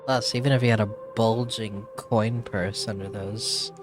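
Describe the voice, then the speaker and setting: A man's voice: lowish voice, steady tone, a little slow, music in the background, natural voice. A man reading as a grumbling dock official woman. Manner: dry, swearing complaints.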